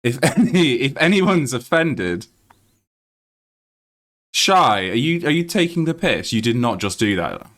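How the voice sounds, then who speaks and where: A British man live-streams a game, talking to viewers in a mid-range voice at a measured pace with frequent pauses. He's excitable, laughs often, and swears freely as he plays.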